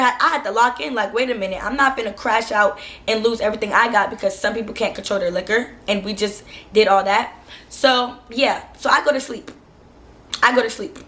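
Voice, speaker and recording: A young woman vlogger telling a storytime in a casual, slangy, exasperated way. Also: medium pitch. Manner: animated, frustrated, slangy retelling.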